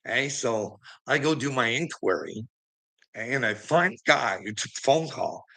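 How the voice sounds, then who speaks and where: Man, fired-up profane storyteller, sharp bright tone, emphatic casual rant. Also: medium pitch, animated, a little slow, creaky. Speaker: storyteller addressing a friend. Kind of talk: casual ranting anecdote.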